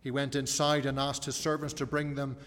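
A man's voice: medium pitch, level tone, fairly quick, fairly bright tone. Guy preaching a sermon, asks lots of questions, long echo like a big church hall. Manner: rhetorical questions, varied emphasis.

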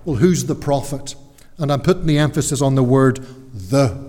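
A man preaching a sermon in a church, earnest and emphatic, with deliberate pauses. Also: mid-range voice, animated, dark tone, big-room sound.

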